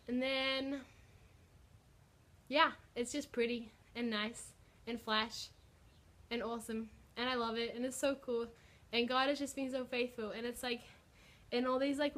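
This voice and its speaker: A woman's voice: a little high, a bit bright. A young woman, chatting in a bubbly, filler-heavy way as she shares a personal faith story on her vlog. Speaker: vlogger. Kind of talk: casual testimony vlog.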